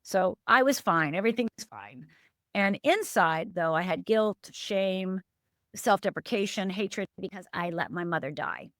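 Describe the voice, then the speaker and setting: Here a middle-aged woman from Upper Michigan, USA, a life coach guesting on a podcast, relates a painful story from her past. Her voice is a bit bright, measured in pace, with lively intonation, earnest and emphatic, and marked by sudden lifts and drops in pitch. No echo; clean studio sound.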